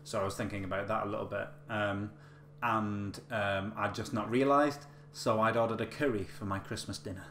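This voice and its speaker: A man with a lowish voice tells a personal story in a loose, rambling way, full of ums and self-corrections. He is recorded in an echoey room with a faint hum behind him. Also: fairly even intonation, moderate pace, hardly any pauses, a bit bright. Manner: chatty, rambling with many fillers and restarts. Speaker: vlogger. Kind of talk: casual storytelling.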